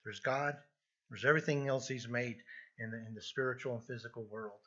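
A husky man delivers an expository sermon with earnest emphasis, often restarting phrases as he builds a point. His tone is bright and forceful. The recording sounds dull and lo-fi. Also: mid-range voice, a little fast. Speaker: pastor.

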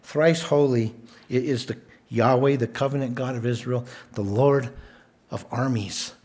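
A man preaching a sermon, stressing points by repeating words, with a measured, emphatic delivery. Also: medium pitch, steady tone, darkish tone. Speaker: pastor.

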